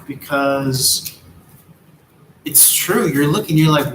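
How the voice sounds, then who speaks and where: A man's voice: on the high side, measured pace, roomy sound, background noise. A man giving a casual, rambling tarot reading, laid-back and drifting from topic to topic. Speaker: tarot reader.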